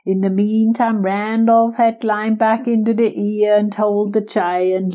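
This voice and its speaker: A woman telling a bedtime story, gently and unhurried, with playful character voices. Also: mid-range voice, little pitch movement.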